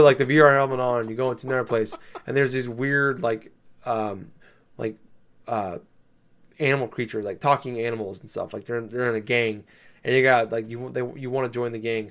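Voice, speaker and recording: A man's voice: medium pitch, a bit bright. Rambling casual man chatting about games. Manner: rambling, lots of "like", swears, laughs. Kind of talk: casual chat.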